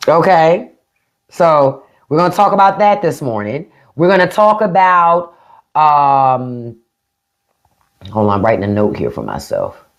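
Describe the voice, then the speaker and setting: A woman's voice: low voice, a little slow. A middle-aged woman with a DC-area accent, hosting a casual live stream and talking bluntly with plenty of swearing. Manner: blunt, profane, animated. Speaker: podcast host. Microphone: phone or desk mic on a live stream.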